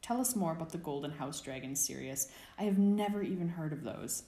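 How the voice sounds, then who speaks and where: Lady doing a boisterous cocky teen wizard boy, low voice, loud eager calls. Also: brisk, roomy sound.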